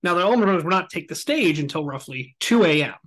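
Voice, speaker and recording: A man hosting a podcast, telling a story in a casual, animated and joking way. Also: on the high side, fast talker, a crowd in the background. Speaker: podcast host.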